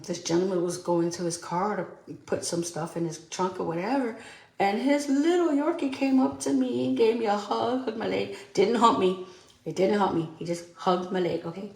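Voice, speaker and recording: A woman's voice: on the low side, vocal fry, mellow. A young woman with a New York accent hosts a podcast solo, chatting casually while doing her makeup, candid and profane. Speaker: podcast host. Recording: echoey room.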